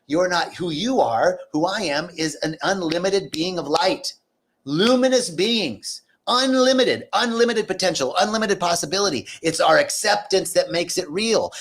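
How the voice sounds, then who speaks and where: A middle-aged man giving a talk on acceptance as a spiritual teacher, earnest and repetitive, his voice leaping up for emphasis. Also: on the high side.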